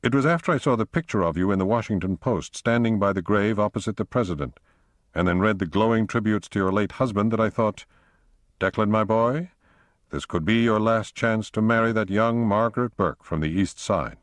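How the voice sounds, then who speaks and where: A man's voice: lowish voice, a little fast, no room sound, clean studio sound, voice pushed up, close to an everyday voice. A man voicing a wry, affectionate middle-aged man who speaks with a broad Irish accent.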